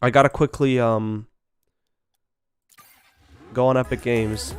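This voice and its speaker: Fast-talking male streamer, faint beats behind. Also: mid-range voice, clean tone, soft background music. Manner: fast-talking, chatty, self-deprecating. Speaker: live streamer. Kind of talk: casual live-stream chat. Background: faint background beats.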